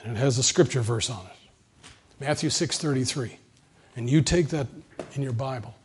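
A man's voice: medium pitch, slight background noise. A man preaching a sermon with an emphatic, repetitive cadence. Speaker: pastor.

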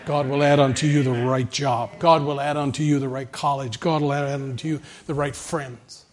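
A man's voice: mid-range voice, fairly even intonation, moderate pace. A man preaching a sermon with an emphatic, repetitive cadence. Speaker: pastor.

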